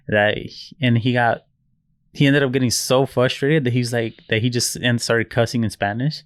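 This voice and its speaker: Chill young american dude cohosting, swears casually, clear smooth voice, dry mic. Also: male voice, mid-range voice, steady tone, brisk, dry recording. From United States. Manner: laid-back, swears casually in stories. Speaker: podcast co-host. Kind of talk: casual chat.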